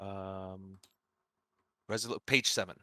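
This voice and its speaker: A man playing a card game with a friend, excitable and laughing often as he narrates and reacts. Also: deep voice, takes it slowly, no echo. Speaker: player. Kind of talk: casual game play chat.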